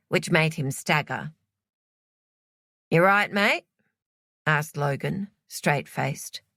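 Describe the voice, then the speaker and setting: Slow, lively-voiced woman narrator. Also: low-pitched, no echo, studio quality. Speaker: audiobook narrator. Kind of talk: scripted narration.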